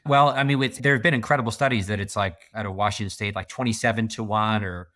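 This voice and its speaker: A man's voice: on the low side, fairly even intonation, fast, pushed and bright, dry recording. A middle-aged man from Canada, a podcast guest talking emphatically and laughing often in a casual interview.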